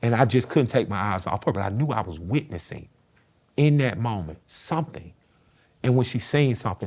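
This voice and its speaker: A man's voice: fairly low pitch, animated, normal speed, a little mellow. A middle-aged man, a guest in an interview, telling a personal story in a plain-spoken, earnest way and swearing casually.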